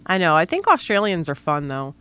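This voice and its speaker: Woman podcast co-host, animated pitch, giggly, exclaims a lot. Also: a little fast. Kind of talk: casual chat.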